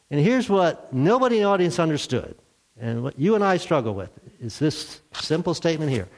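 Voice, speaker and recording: A man preaching a sermon, telling a story with lively acted-out voices. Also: a little high, a little fast. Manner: animated storytelling, acts out characters. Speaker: pastor.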